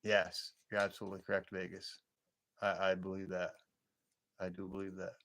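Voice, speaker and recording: Low-voiced man rambling on a casual stream. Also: completely flat delivery, moderate pace, a bit bright. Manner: rambling, chatty, chuckles often, answers viewer comments. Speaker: livestream host. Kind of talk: casual late-night livestream chat.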